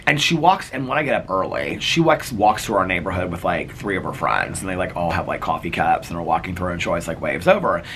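A man's voice: low voice, animated, quick pace, hardly any pauses, a bit bright, a little hiss or hum. A middle-aged man from Indiana, a vlogger telling personal stories in a chatty, earnest way with lots of "like.". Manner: chatty, earnest, heavy use of "like". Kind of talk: casual personal storytelling.

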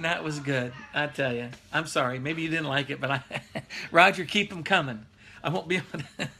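Middle-aged male pastor, slightly high and bright voice, loose conversational preaching that keeps breaking into chuckles. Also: slight background noise. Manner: laughs often, reads viewer comments aloud. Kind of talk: casual live-streamed Bible teaching.

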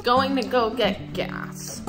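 A woman's voice: on the high side, takes it slowly, over loud music. A young woman vlogging at home at night in casual chat, rambling and correcting herself. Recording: roomy with faint noise.

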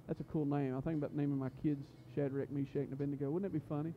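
A man's voice: on the high side, flat delivery, rapid-fire, hardly any pauses. A man preaching a casual, joking youth sermon, full of fillers and restarts, in a church youth service. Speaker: youth pastor. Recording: muffled lo-fi recording.

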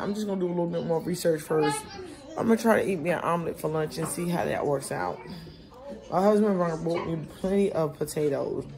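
A woman in her forties chatting casually to her viewers at home and in the car. She rambles, talks straight to camera, and cannot open her mouth fully after tooth extractions. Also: low voice. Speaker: vlogger and mother. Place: at home, later in a parked car.

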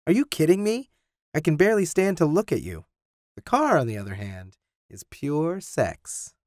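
A man in a dry, studio-quality recording voices a playful, teasing teen named Ben, pitching his voice fairly high, above his natural range. The delivery is sing-song and a little mellow, at a moderate pace.

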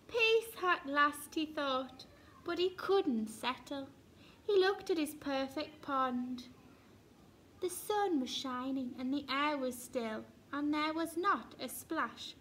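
A woman teacher reading a picture book aloud to young children with slow, expressive storytelling. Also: high-pitched, slight background noise.

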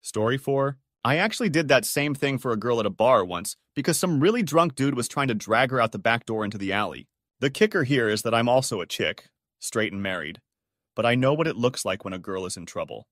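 A man's voice: mid-range voice, animated, brisk, fairly bright tone, no room sound. Man narrating stories in a dry voice. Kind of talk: scripted narration of reader-submitted stories.

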